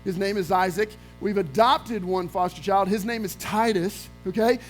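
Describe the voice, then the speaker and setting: Male pastor, very high voice, energetic storytelling sermon, faint music behind. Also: normal speed, low-quality recording. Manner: energetic storytelling with acted-out quotes. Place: church sanctuary.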